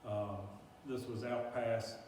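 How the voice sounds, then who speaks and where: A man's voice: mid-range voice, level tone, slow pace, darkish tone. A man giving a casual, rambling talk about plants to a small group, with lots of fillers. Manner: rambling, filler-heavy, folksy. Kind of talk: casual presentation to a local audience. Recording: echoey room, distant mic, faint hiss.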